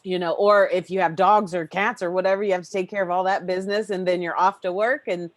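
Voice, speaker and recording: Lower-voiced woman hosting a podcast. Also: steady tone, quick pace, no room sound. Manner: effusive, rambling, swears casually. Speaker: podcast host. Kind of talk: casual podcast chat.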